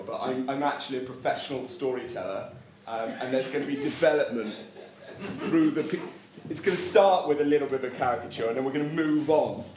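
At a live comedy venue, a comedian tells a comic story in a theatrical, wry manner, breaking off for asides to the audience. His voice is medium-pitched, and the echoey room carries slight background noise.

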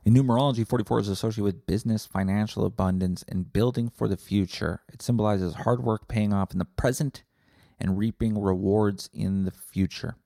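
A man's voice: on the low side, steady tone, fairly quick, gravelly, dark tone, no echo. A man hosting a podcast, ranting with sarcasm, swearing often and rambling. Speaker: podcast host. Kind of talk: comedic profane rant.

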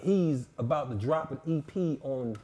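A male co-host in casual chat, teasing his partner and dropping quick interjections. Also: on the high side, a little mellow.

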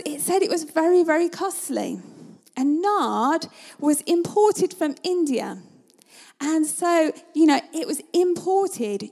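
Woman preacher, high and mellow, vivid storyteller. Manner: conversational, vivid storytelling, sometimes drops to a hush. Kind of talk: sermon.

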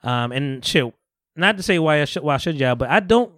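A man's voice: a little high, normal speed, no echo, clean studio sound. A man casually retelling a movie plot on a podcast, acting out the characters' lines with slang and swearing. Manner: animated, acts out quoted dialogue with profanity and slang. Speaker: podcast host.

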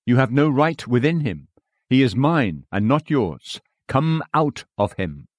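A stern holy man gives short, sharp orders, voiced by a man reading a sermon. The voice sits in a middle male range. The recording is dry and close. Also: mid-range voice, sing-song, unhurried, no echo. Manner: sharp, commanding. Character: stern commanding holy man casting out a spirit.

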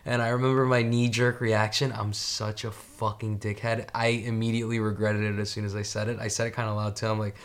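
A man's voice: medium pitch, fairly even intonation, fairly quick. A young man in casual chat on a podcast, rambling with many fillers and swearing freely.

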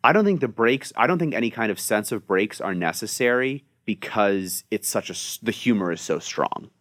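An easygoing man hosts a casual podcast, talking through sketches with his guests. His delivery is chatty and relaxed. He sits at a studio mic. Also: on the low side, moderate pace. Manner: relaxed, chatty, leads the talk. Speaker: podcast host.

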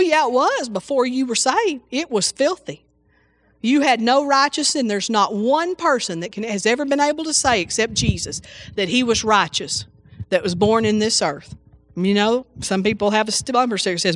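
A woman's voice: on the high side, animated, normal speed, no echo. A woman preaching an informal sermon, exclaiming hallelujah often and restarting her sentences.

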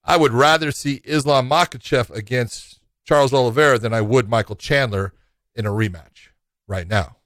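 An easygoing man talks over fights in a relaxed co-host chat, often filling with "you know." His voice sits at a middling pitch, and the recording is dry and close. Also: normal speed, no room sound. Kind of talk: casual fight breakdown chat.

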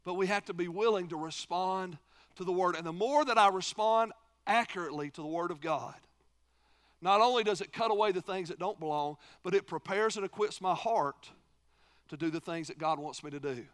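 A man preaching a sermon as pastor, asking the congregation rhetorical questions and swinging between loud emphasis and hushed, low delivery. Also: brisk.

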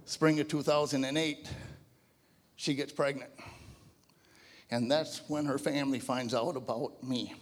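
A man in his fifties giving a personal testimony to a church audience, telling his story in an animated, conversational way. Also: medium pitch, unhurried, pauses often, in a large hall. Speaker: guest speaker giving a testimony. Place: large church hall before a live audience.

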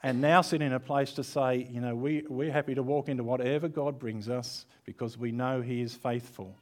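A man's voice: mid-range voice, darkish tone. A man preaching an online church sermon in a conversational, candid way, with self-deprecating asides.

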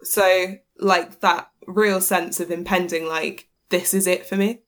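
A woman's voice: fairly low pitch, steady tone, unhurried. A woman in her late twenties co-hosts a podcast in a loose, casual chat. She rambles eagerly, often restarting her sentences as her ideas tumble out. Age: late 20s. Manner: enthusiastic, rambling, many restarts. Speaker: podcast co-host.

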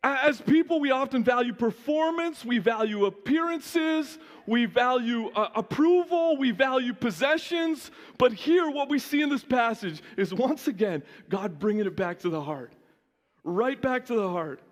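Guy pastor preaching casual and lively, high voice, long church reverb. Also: moderate pace. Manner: lively, conversational preaching with frequent restarts. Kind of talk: sermon.

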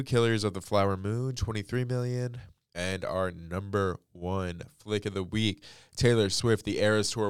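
A man's voice: lowish voice, smooth, no echo, clean studio sound. A man hosting a pop culture podcast, congested from allergies, chatting casually and filling his talk with "like" and "um". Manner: chatty, many fillers like "like" and "um". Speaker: podcast host.

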